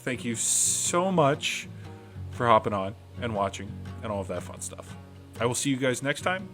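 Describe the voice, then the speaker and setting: A man's voice: mid-range voice, very animated, moderate pace, a bit bright, faint music behind. A man hosting a podcast, wrapping up in a casual, rambling chat and restarting phrases as he goes. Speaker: podcast host.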